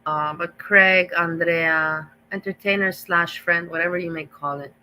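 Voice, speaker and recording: A woman's voice: lowish voice, fairly even intonation, measured pace, bright, forceful tone, slight background noise, low-quality recording. A woman hosting a live reaction stream, talking in a rambling, gossipy way that repeats itself and restarts often.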